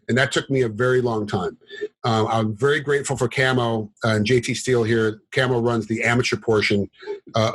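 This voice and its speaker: A middle-aged man with a husky, slightly breathy voice and a mid-range pitch, talking as an interview guest. He tells rambling, animated stories with plenty of fillers and restarts, jumping into quotes with a raised voice. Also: rough recording. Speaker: guest, former fighter turned commentator and referee. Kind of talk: casual interview storytelling.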